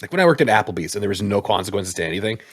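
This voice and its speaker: A man's voice: lowish voice, big pitch swings, racing, no room sound, clean studio sound. A man co-hosting a casual gaming podcast, chatting playfully and rambling with laughs. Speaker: podcast co-host.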